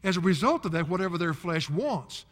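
An older man preaches in a folksy, emphatic way and breaks into chuckling asides. His voice sits a bit high for a man. It rings with a long echo in a large hall. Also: expressive, fairly quick, a bit bright. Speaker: pastor. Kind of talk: expository sermon.

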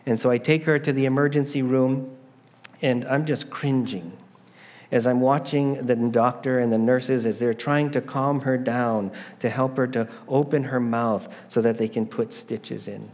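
A man's voice: medium pitch, steady tone, measured pace, a little mellow, in a large hall. A middle-aged man preaching a sermon, telling a family story with rhetorical questions. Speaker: pastor.

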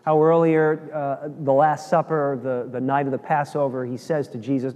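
A man preaching a sermon as a pastor, animated, acting out quoted dialogue as he tells the story. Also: mid-range voice, moderate pace, few pauses, long reverb tail.

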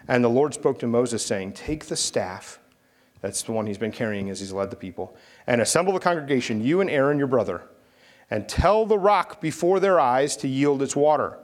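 A man preaching, reading scripture aloud and explaining it, often asking his listeners questions. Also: on the high side. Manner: conversational, asks the listeners questions.

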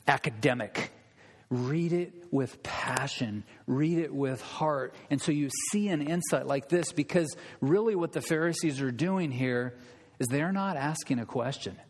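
A man preaching a sermon in a church, emphatic and impassioned, building his points with repetition and rhetorical questions. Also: fairly high pitch. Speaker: pastor. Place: church sanctuary. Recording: long reverb of a large hall.

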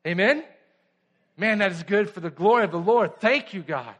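A man preaching a sermon as pastor, earnest and fervent, dropping to hushed passages. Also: sits high, normal speed.

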